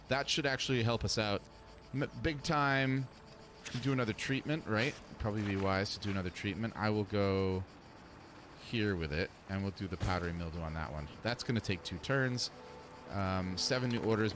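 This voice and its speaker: A man's voice: on the low side, fairly bright tone. A man hosting a casual gameplay video, thinking aloud with rambling asides. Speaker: let's play host.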